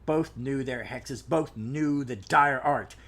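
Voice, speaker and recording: Guy reading out vengeful ghost pirate dude, slow and grim, cursing everyone. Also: mid-range voice, fairly bright tone. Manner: slow, solemn dramatic reading. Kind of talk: reading a comic aloud.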